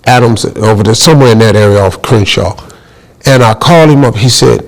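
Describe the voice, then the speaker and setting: A middle-aged man telling a comic story in a lively way, acting out quotes and exclaiming as he goes. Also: fairly low pitch, fairly quick, poor audio.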